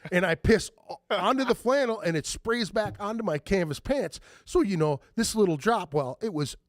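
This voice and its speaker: A man's voice: high-pitched, moderate pace, no echo, clean studio sound. A man telling a rambling story on a podcast, swearing freely and acting out the voices of people he quotes. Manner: profane, animated, acts out quoted voices. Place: podcast studio.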